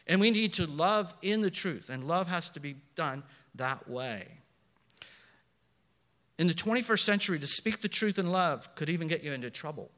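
Earnest preacher man in a reverberant church. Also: sits high. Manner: earnest, swings between soft asides and loud emphatic lines; self-correcting, with fillers. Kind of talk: sermon.

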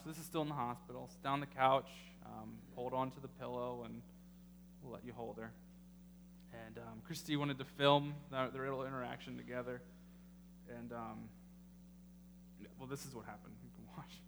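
Man, pastor, sermon, halting, emotional, echoey hall, faint background noise. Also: mid-range voice, a bit bright. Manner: halting, many ums, emotional. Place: church sanctuary.

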